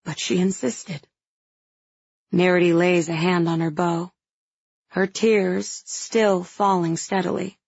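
Female audiobook narrator, first-person fantasy, intimate and unhurried, with a husky, gravelly voice. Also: fairly low pitch, level tone, darkish tone, no echo, highs cut off.

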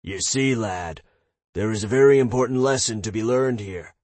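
A man's voice: lowish voice, moderate pace, darkish tone, no echo, close to an everyday voice. A man doing a fatherly older adventurer. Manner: fatherly, lecturing, calls others lad. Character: genial older male adventurer, wise and generous.

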